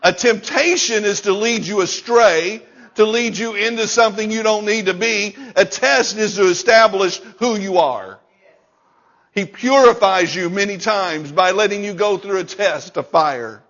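A man's voice: high voice, unhurried, a bit bright, dull audio. A male pastor preaching a sermon, emphatic and repeating key lines, chuckling between points.

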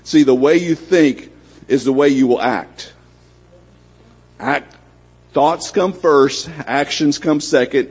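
A man delivering a sermon in a folksy, conversational manner, slipping into bits of acted-out dialogue. His voice is somewhat husky and sits a little higher than most men's. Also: slow pace, long pauses, a little mellow. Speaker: pastor.

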